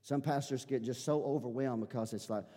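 A male pastor preaching a sermon, repeating his phrases and building up to shouting. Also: mid-range voice, fairly quick, in a large hall. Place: church sanctuary.

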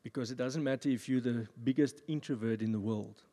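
A man pastor giving a sermon at a church service, with jokey, animated asides. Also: mid-range voice, fairly quick. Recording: long reverb of a church hall.

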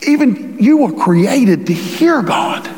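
A man preaching a sermon, swinging from hushed tones to booming scripture reading. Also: big pitch swings, slow pace, long reverb tail. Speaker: pastor.

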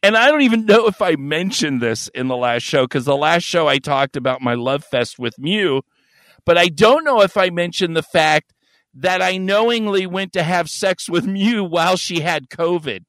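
A man's voice: sits high, normal speed, fairly bright tone, no room sound. A man hosting a podcast, telling a crude story in casual chat and acting out the voices and yelps. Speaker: podcast host.

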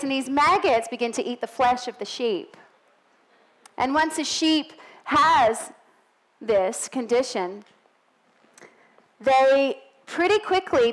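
A woman's voice: on the high side, poor audio. A middle-aged woman with a non-American English accent, preaching a sermon in a church in a chatty way with joking asides.

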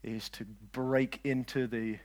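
A man preaching a lively sermon, swinging between loud declarations and quiet asides and joking with his listeners. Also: medium pitch, slow. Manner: jokes with the audience.

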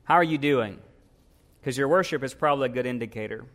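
A man's voice: mid-range voice, fast, a bit bright. A man, a pastor, preaching a sermon and asking his congregation questions.

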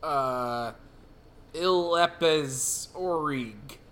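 A man co-hosting a casual comic read-along who gushes excitedly and swears freely. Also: fairly high pitch, extremely slow. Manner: excitable, gushing, crude. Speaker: co-host reading a comic aloud.

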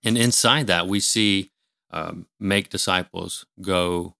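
A man in a small studio room, giving a measured, explanatory talk on scripture in casual conversation, with fillers and restarts. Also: low voice, creaky, pushed and bright, no echo. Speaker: ministry leader and guest.

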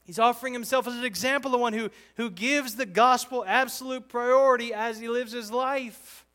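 A man preaching a verse-by-verse sermon, talking conversationally but with emphatic, animated bursts. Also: very high-pitched, normal speed. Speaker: pastor. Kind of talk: expository sermon.

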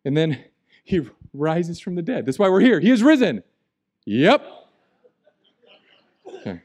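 A man preaching a sermon as pastor, animated and jokey, swinging between loud and quiet. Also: fairly high pitch, slow. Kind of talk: humorous sermon.

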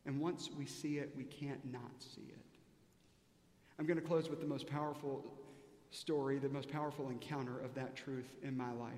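A male pastor preaching a sermon, telling a story emphatically with pauses and fillers. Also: mid-range voice, steady tone, darkish tone. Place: large church sanctuary. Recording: echoey church hall with long reverb.

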